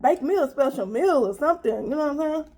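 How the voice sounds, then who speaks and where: A woman's voice: high-pitched, lively intonation, quick pace, darkish tone. A middle-aged woman vlogger chatting casually while she eats, telling a story straight to her viewers. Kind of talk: casual eat-with-me chat.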